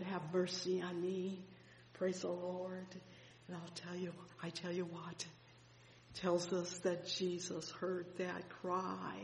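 A preacher telling a Bible story in a sermon, fervent, swelling loud and dropping soft, with frequent exclamations. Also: medium pitch, gravelly. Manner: fervent storytelling with sudden swells and drops in loudness. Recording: echoey hall reverb.

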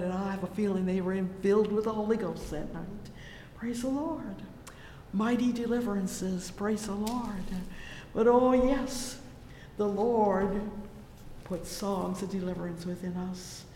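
A preacher delivering a fervent sermon, repeating "oh, yes" and "praise the Lord" and swelling loudly on the exclamations. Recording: echoey hall with faint rumble.

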